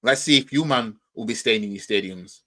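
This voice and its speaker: A man's voice: lowish voice, brisk, bright, forceful tone. A man with a Yorkshire accent hosting a football reaction channel, talking in a rambling, argumentative way and firing off rhetorical questions. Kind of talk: casual reaction commentary.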